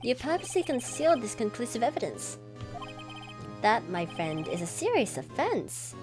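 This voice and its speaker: A smug, scheming police chief from a courtroom game, with a somewhat lowered but still bright voice, as a woman puts him on. He drawls out his taunts, condescending and mocking, and swings his pitch around. Soft music plays behind him. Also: big pitch swings, normal speed. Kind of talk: game dialogue read aloud on stream.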